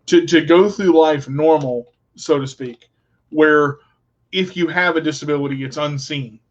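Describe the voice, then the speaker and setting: In casual conversation on a radio talk show, a man with a fairly high voice tells stories at an unhurried pace, restarting with frequent stammers and dropping dry jokes. The sound is lo-fi.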